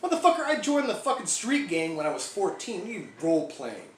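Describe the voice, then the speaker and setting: A man plays a crude, foul-mouthed biker gang member, rambling through a comic monologue in a high-pitched voice that swings wildly in pitch and moves a little fast. The mood is crude ranting, delivered like a profane, rambling storyteller. The echoey room leaves a faint hiss in the background.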